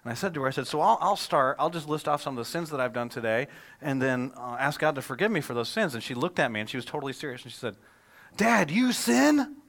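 A man, a pastor, preaching a sermon in a conversational, animated way, telling stories and asking rhetorical questions. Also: mid-range voice, quick pace.

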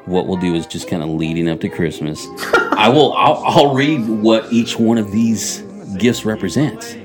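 A man's voice: fairly low pitch, animated, measured pace, soft background music. A man co-hosting a faith podcast from a church radio studio, chatty and upbeat, sometimes reading passages aloud. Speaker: podcast co-host. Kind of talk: casual radio chat.

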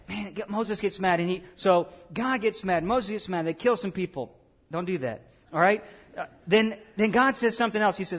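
A pastor preaching a sermon in a conversational way, tossing questions and asides to the congregation. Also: male voice, sits high, a little fast.

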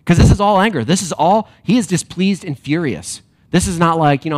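Man, sermon, somewhat high voice, animated, emphatic, rhetorical questions. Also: brisk. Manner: animated, varying between emphatic and quiet reflective passages; direct address to a congregation with rhetorical questions. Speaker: pastor.

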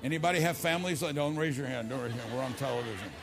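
A middle-aged male pastor preaching a televised church sermon, telling stories and moving from loud, emphatic lines to low, quiet asides. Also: racing. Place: church service filmed for television.

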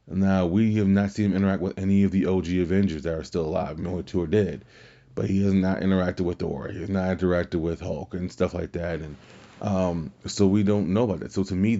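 A man's voice: sits low, dark tone. A man hosting a podcast, talking casually on his own in a rambling way, with many restarts and filler words. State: tired, fighting yawns. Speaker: podcast host. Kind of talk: casual solo commentary. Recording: dull lo-fi sound.

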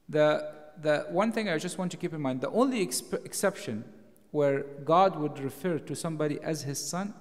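A man preaching a sermon in a church, explaining scripture and rising to louder emphasis on key phrases. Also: on the high side, big-room sound.

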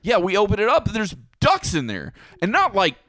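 Animated, foul-mouthed man telling stories. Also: high-pitched, fairly quick, no room sound. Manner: profane, animated storytelling with acted quotes. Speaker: podcast co-host. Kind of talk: casual chat.

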